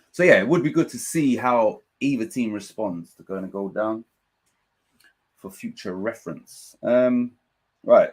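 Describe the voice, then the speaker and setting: A man hosting a live football watchalong, commenting on play and reading out viewers' chat messages in an excitable, chatty way. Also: mid-range voice. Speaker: watchalong host.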